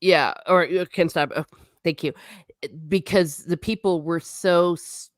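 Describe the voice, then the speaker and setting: A woman's voice: lowish voice, steady tone, a little slow, no echo, studio quality. A woman hosting a casual history chat over a video call, adding comments and encouraging her guest. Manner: affirming, encouraging listener. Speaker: host.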